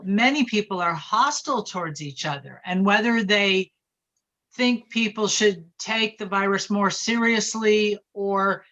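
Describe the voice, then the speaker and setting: A woman's voice: medium pitch, fairly bright tone, dull audio. A woman in her sixties speaking earnestly and reflectively in a group discussion. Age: 60s. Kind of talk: conversational discussion.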